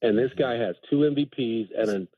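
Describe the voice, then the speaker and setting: A man's voice: medium pitch, brisk, no room sound. A man calling in to a sports talk show, hesitant and stammering as he tries to make his point. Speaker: caller. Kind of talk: call-in sports radio. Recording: tinny phone line.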